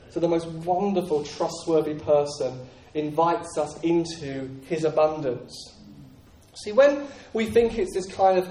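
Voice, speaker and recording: A man's voice: a little high, a little slow, darkish tone. Earnest male preacher in an echoey hall. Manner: earnest, repetitive, with many restarts. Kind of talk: sermon. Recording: echoey room, voice from a distance.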